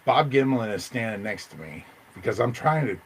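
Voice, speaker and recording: A man telling a long story in casual chat, rambling and excitable, jumping into loud high voices when he quotes himself. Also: normal speed, slightly rough, rough recording.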